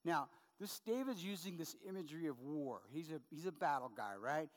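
Speaking in a high, light voice, a middle-aged male pastor preaches a little fast and with animation. He talks casually to the congregation, mixing scripture with humorous stories and tag questions, and a long reverb makes it sound like he's filling a large hall.

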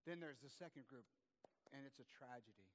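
A pastor in his forties preaching a sermon, swinging from loud, emphatic peaks to quiet, low passages. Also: expressive, fairly quick, a little hiss or hum. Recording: long hall reverb.

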